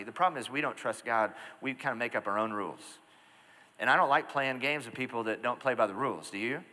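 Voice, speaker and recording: A middle-aged male pastor preaching a sermon, telling stories with lively asides to the congregation. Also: mid-range voice, fairly quick. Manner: animated storytelling with asides to the congregation. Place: large church hall. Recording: church hall reverb.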